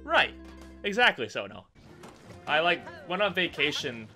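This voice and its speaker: A man with a Canadian accent talks through his gameplay in a loose, swearing, ranting way, chatting to viewers between attempts. His voice sits a little high for a man and has a bright, sharp edge. Faint music plays underneath. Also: sing-song, normal speed. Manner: swears freely, rants and laughs, chatting to viewers. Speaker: gaming streamer. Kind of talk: casual gameplay commentary.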